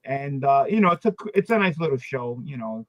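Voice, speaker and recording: A man's voice: medium pitch, lively intonation, a little fast, no echo, muffled recording. A man from Pennsylvania talking casually as a guest, chatty and swearing when he gripes. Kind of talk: casual chat.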